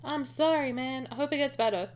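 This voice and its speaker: A woman streamer chatting casually and excitably with her viewers, rambling and swearing now and then. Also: sits high, fairly quick. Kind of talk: casual live-stream chat.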